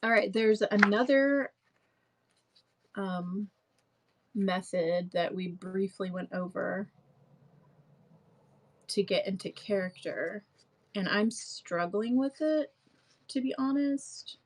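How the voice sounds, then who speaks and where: A woman's voice: mid-range voice, slow, long pauses, poor audio. A young woman hosting a live stream in casual chat, rambling and full of fillers and restarts.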